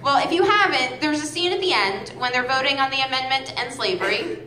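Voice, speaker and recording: A woman in her twenties from Massachusetts doing a stand-up set on a music hall stage, with deadpan delivery and stammering restarts. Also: high-pitched, fast. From Massachusetts, outside Boston. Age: 20s. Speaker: stand-up comedian opening act. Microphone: stage microphone. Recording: echoey club recording with loud crowd. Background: audience laughing.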